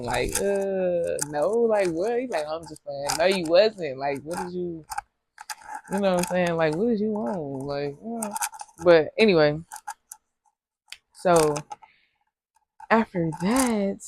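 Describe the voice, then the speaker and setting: A woman's voice: fairly low pitch, expressive, takes it slowly, long pauses, noisy background. A young woman telling a rambling, slangy storytime to her viewers, laughing often. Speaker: vlogger. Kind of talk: casual storytime chat.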